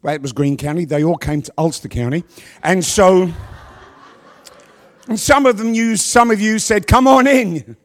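A middle-aged man preaching a sermon to a congregation on a handheld microphone, with a worn voice, asking rhetorical questions and pausing for effect. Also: high-pitched. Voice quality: voice worn from past yelling. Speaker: pastor.

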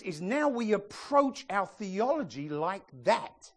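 A male pastor delivers a lively sermon in a church, mixing jokes with emphatic points. His voice sits a little high and swings widely in pitch. The delivery is humorous and forceful by turns. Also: slow. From outside the US.

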